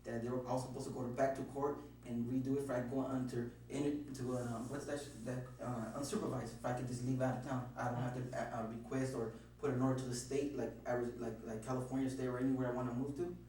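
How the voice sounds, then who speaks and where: A man's voice: mid-range voice, flat delivery, quick pace, few pauses, warm tone. A man being questioned, nervously rambling through his account with lots of swearing and restarts. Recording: very echoey room, distant mic, faint hum.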